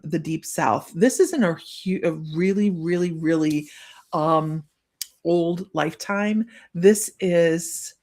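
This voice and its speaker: A middle-aged woman giving a live-streamed psychic reading, chatty and rambling with many pauses and restarts. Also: lowish voice, a little mellow. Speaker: psychic medium.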